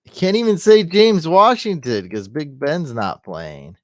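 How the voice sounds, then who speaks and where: A man's voice: fairly high pitch, huge pitch swings, a little slow, no echo, clean studio sound. A man giving casual fantasy football advice on a live stream, thinking aloud and answering questions from the chat.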